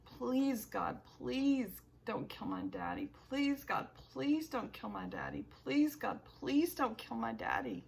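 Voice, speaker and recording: A woman's voice: a little high, steady tone, measured pace, hardly any pauses, a bit bright, pitched above the performer's own voice. A woman voicing a frightened teenage boy in an audiobook, pleading in a raised, strained voice. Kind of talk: audiobook character voice.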